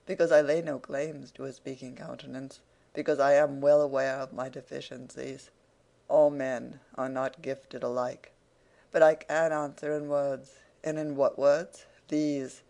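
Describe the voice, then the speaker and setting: A man's voice: mid-range voice, level tone, measured pace, creaky, a little mellow. A man reading an audiobook, voicing a sly, pompous older man with a florid, ingratiating, theatrical delivery. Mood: affable, scheming.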